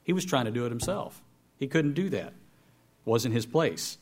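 A man preaching a sermon, reading scripture with raised, emphatic lines and then sinking into quiet, low remarks. His voice sits at an average pitch, and he slows down to stress key phrases. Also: animated.

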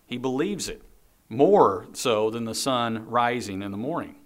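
A man's voice: medium pitch, expressive, a little slow. Man, sermon, earnest, repeats phrases, scripture reading. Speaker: preacher. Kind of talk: sermon on a psalm.

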